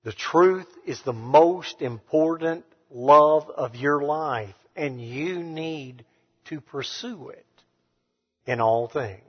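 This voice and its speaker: A man preaching a sermon to a congregation, emphatic, swinging between hushed and loud passages. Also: on the high side, slow, breathy edge. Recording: reverberant hall, dull sound.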